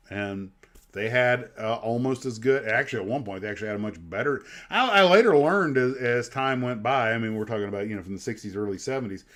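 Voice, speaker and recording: A middle-aged American man hosts a livestream, chatting casually and telling rambling, nostalgic stories full of asides. His voice sits at medium pitch with a fairly bright tone.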